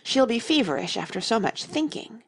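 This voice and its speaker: A woman's voice: on the low side, sing-song, measured pace, husky, full character voice. A woman playing a haughty, bossy old queen. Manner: haughty, lecturing, emphatic. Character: stern, bossy elderly queen, proud and severe.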